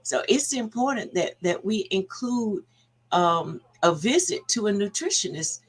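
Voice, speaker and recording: A woman's voice: mid-range voice, expressive, a little slow, husky. A woman hosting a talk show, summing up her guest's points and adding her own experience. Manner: reflective, sums up and adds her own story.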